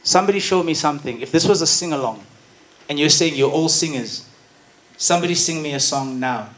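A man's voice: a little high, expressive, brisk, fairly bright tone. A man with a South African accent, giving an emphatic acting masterclass talk and dramatically reciting poetry to a room. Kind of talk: energetic workshop talk. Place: event venue with audience. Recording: echoey venue from far off.

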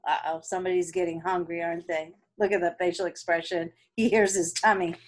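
A woman from an elementary school reading a picture book aloud to children, with playful, expressive asides and chatty comments. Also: on the low side, fairly quick. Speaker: elementary school staff member.

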